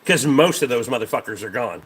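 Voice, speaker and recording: Profane chatty mechanic man, bright voice. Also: medium pitch, lively intonation, brisk, breathy edge. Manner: profane, rambling, answers chat. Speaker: livestream host, mechanic. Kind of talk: casual livestream chat.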